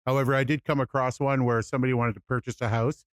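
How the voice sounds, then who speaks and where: A man co-hosting a podcast, talking in a relaxed way with many "you know"s. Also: medium pitch, fast, no room sound, studio quality. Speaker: podcast co-host. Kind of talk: casual podcast chat.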